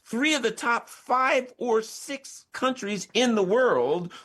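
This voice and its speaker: Sarcastic, animated male radio commentator. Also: very high-pitched, takes it slowly. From United States. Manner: emphatic and sarcastic, with rhetorical questions. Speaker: political commentator.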